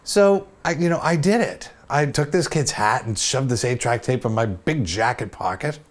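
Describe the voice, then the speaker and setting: A man in his fifties tells a personal story straight to camera in a relaxed, chatty way. His voice sits at an ordinary pitch but swings widely up and down as he talks. He pokes fun at himself and often drifts into little asides. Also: moderate pace. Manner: chatty, self-deprecating, many asides. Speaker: host.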